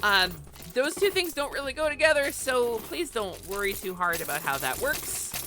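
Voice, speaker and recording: A woman streaming a game live from her home office, chatting in an animated way and swearing freely. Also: a little high, normal speed. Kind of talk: casual live gaming stream chat.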